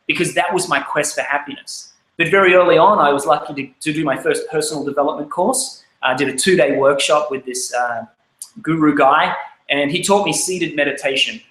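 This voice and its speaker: A man in his thirties with an Australian accent telling his life story, candid and lively as he acts out his younger self. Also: fairly high pitch, echoey room, poor audio. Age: 30s. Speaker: speaker. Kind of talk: personal life story talk.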